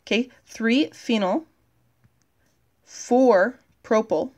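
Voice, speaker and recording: A woman teacher giving a recorded chemistry lesson, thinking aloud as she writes on the board and filling pauses with "okay" and "uh". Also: a little high, a little mellow.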